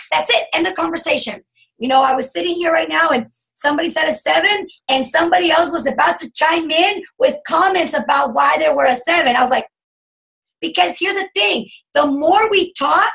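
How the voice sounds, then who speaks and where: A woman giving an animated sales coaching talk over a video call, acting out bubbly chatter as she teaches. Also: very high-pitched, gravelly, rough recording. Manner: animated, acts out bubbly customer chatter in a squealing voice. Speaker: guest speaker coaching a sales team.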